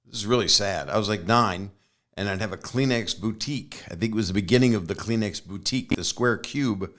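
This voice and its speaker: A man hosting a conversation show, chatting casually and slipping deadpan jokes into his remarks. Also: fairly low pitch, a little fast. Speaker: host.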